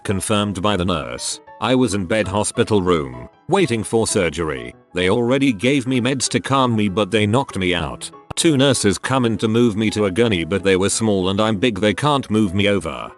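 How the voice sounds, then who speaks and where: A male narrator with a lowish voice reads online posts in a scripted, steady storytelling manner. His pitch swings lively from phrase to phrase. Faint music plays under the voice.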